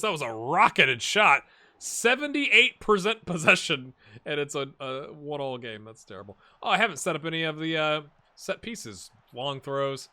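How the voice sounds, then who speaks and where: A man casually commentating his own football management game, chatty and rambling, with excited bursts at goals. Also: mid-range voice. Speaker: gaming YouTuber. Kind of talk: casual let's-play commentary.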